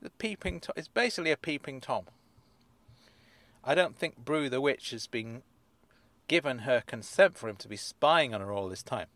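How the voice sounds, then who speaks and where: A man's voice: mid-range voice, expressive, moderate pace, a bit bright, dry recording. A man reading episode synopses aloud and adding dry, sardonic asides, chuckling as he goes. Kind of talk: casual comic commentary.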